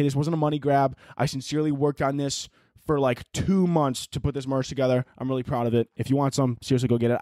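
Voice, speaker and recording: A man's voice: medium pitch, darkish tone, no room sound, studio quality. A young man hosting a solo podcast, rambling casually and mocking himself, swearing as he goes. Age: young adult. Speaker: podcast host.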